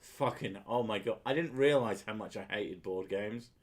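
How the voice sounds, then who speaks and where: A man's voice: on the low side, normal speed. A man, co-hosting a crude, joking casual chat and laughing often. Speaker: podcast co-host.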